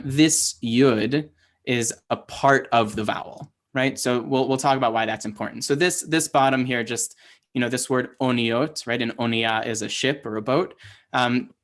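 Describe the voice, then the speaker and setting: A man's voice: mid-range voice, fairly even intonation, moderate pace, fairly bright tone. A man teaching a language class over a video call, explaining patiently and often checking in with his students. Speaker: Hebrew teacher. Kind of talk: online class lesson.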